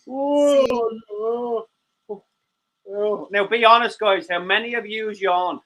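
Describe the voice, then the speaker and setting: A man's voice: high voice, fairly even intonation, slow pace, a bit bright, rough recording. A man co-hosting a livestream, rambling and joking, swearing freely and greeting viewers in the chat. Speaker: co-host of a livestream show. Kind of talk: casual chat.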